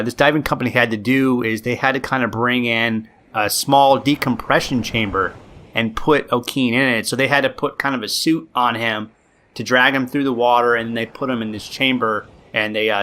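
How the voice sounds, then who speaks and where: A male podcast host tells a story in a loose, rambling way, full of likes and ums. His voice is bright and forceful, at a middle pitch. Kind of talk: casual storytelling.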